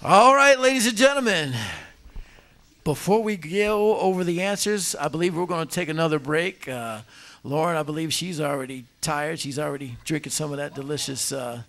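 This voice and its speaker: Bright-voiced man hosting a live trivia quiz. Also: on the high side, moderate pace, vocal fry. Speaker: trivia show host. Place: restaurant event.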